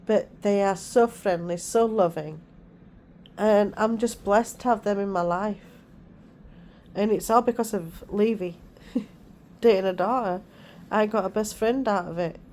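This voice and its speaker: A middle-aged woman and mother talking casually in a home vlog, with a calm, soothing way of speaking. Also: medium pitch, a little slow, pauses often, a little hiss or hum. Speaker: vlogger and mother.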